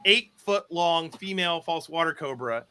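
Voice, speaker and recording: Bright, lively professor telling stories. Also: male voice, a little high, moderate pace, smooth. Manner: laughing, swearing casually. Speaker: biology professor guest. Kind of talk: animated storytelling.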